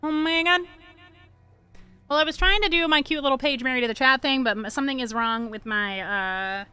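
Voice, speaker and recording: A woman's voice: high voice, a little fast, bright, forceful tone, smooth, soft background music. A young adult woman livestreaming a game, chatting casually in a rambling, joking way and swearing freely. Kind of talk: casual chat while gaming.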